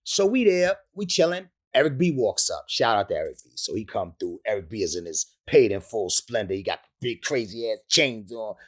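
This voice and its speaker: A man's voice: on the low side, sing-song, normal speed, few pauses. A man in his fifties, a rapper being interviewed, telling a long anecdote in casual slang. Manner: slangy, acts out other people's voices in quotes. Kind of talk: animated storytelling anecdote.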